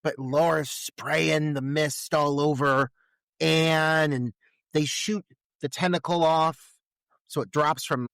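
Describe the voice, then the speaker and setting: A man's voice: fairly high pitch, slow, vocal fry, clean tone, no room sound. A man co-hosting a podcast, recapping a film in casual chat with lots of swearing and laughter. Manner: animated, profane, laughing recaps. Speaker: podcast co-host.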